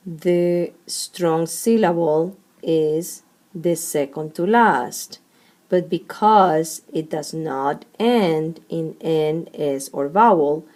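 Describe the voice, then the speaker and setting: Slow, mellow-voiced woman teacher. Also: fairly low pitch. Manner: deliberate, spells out syllables one at a time. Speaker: Spanish teacher. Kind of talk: explaining a lesson step by step.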